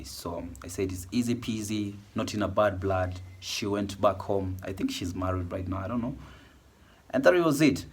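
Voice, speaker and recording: Guy vlogging with a cold, low husky voice, rambles and chats. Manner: rambling, chatty, with many fillers. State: has a cold, voice worn. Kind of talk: casual chat to camera.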